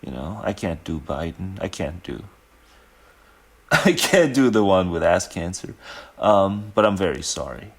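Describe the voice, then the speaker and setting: A man with a very low, deep voice talks casually from his home kitchen. He rambles in a sardonic, mocking way and laughs often between his thoughts. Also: sing-song, unhurried, breathy edge. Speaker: host commenting over a played reading.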